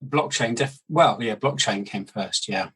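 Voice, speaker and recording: A middle-aged man with a Surrey English accent, a guest in an interview, talking in a relaxed, rambling way. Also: fairly low pitch, a little slow, slightly rough, low-quality recording. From Surrey, England. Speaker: board game inventor, guest. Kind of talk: casual interview chat.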